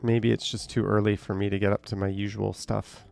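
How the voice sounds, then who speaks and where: A man's voice: on the low side, little pitch movement, fairly quick, creaky, a little mellow, faint music behind. A man casually chatting on a live stream, reading out viewer comments and rambling with a hesitant, trailing-off manner.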